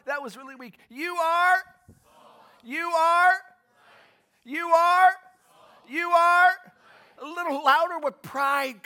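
High, bright-voiced preacher man. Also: takes it slowly, pauses often. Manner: emphatic, calls out to the congregation for responses; swings between quiet asides and shouting. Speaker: pastor. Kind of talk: sermon.

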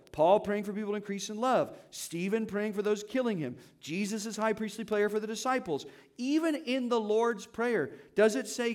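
A man preaching a sermon in a church, talking to the congregation in a conversational way and asking them questions. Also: sits high. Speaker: pastor.

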